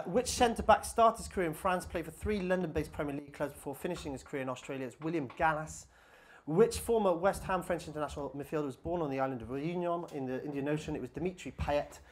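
A man co-hosting a live football quiz in a coffee shop, brisk and upbeat, quick to praise answers. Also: on the high side. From Wales. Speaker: quiz host. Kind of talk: reading out a live pub quiz. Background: crowd of quiz players.

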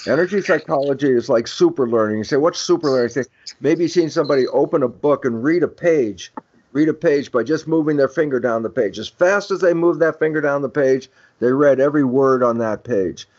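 Older male guest expert, mid-pitched, emphatic lecturer who voices quoted exchanges; dull low-fi recording. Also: a little fast, a little mellow. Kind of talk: podcast interview, explaining ideas. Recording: dull lo-fi audio.

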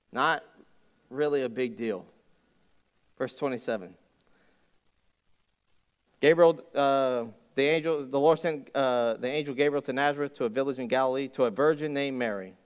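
A man preaching a sermon as pastor, folksy and joking, with animated storytelling. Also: on the high side, clean tone.

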